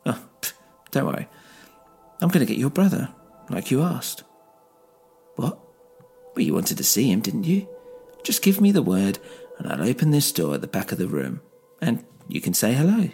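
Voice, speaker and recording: A man's voice: medium pitch, huge pitch swings, moderate pace, gravelly, mellow, faint music behind, pitched above the performer's own voice. A man voicing a sly old villain who taunts and mocks. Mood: taunting. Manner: taunting, playful.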